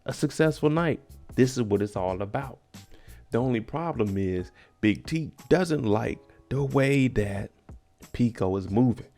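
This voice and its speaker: Male recap vlogger with a gravelly, fry-heavy voice, casual and joking, addressing viewers directly. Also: medium pitch, animated, unhurried, a little mellow, soft background music. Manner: slangy, joking, talks straight to viewers. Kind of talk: casual show recap commentary.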